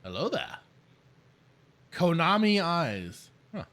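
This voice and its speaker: Male streamer, sarcastic let's-play banter, slightly high voice that swings around a lot. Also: huge pitch swings, slow pace, fairly bright tone. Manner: joking, sarcastic, talks to chat.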